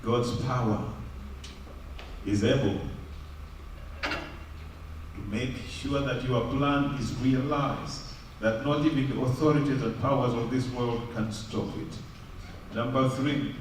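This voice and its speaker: Male pastor, sermon, slow delivery, loud and quiet swings, very echoey church hall. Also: fairly even intonation, distant mic, a little hiss or hum. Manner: swings between loud raised delivery and low quiet stretches.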